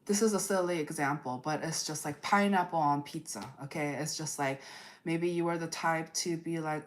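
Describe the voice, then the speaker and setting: A woman with a slightly low voice gives a live tarot reading in an unscripted, rambling way. She strings thoughts together with fillers and frequent "okay?" checks. When she quotes people, she slips into lively made-up voices. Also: moderate pace. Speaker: tarot reader. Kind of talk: live astrology energy forecast.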